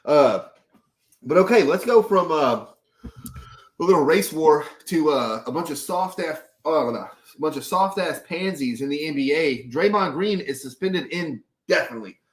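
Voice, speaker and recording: Male podcast co-host, brisk and wry, higher voice, echoey room. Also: lively intonation. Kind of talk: casual sports chat.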